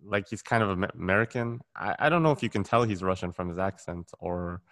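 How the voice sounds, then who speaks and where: A man hosting a casual interview, relaxed and rambling with many fillers. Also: deep voice, brisk. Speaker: interview host.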